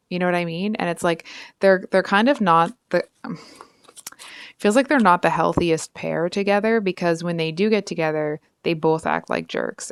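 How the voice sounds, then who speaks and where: A woman's voice: lowish voice, clear, resonant tone, no echo, studio quality. Frank, chatty woman reading tarot. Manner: frank, chatty, many fillers and asides. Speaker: tarot reader. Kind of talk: casual tarot reading to camera.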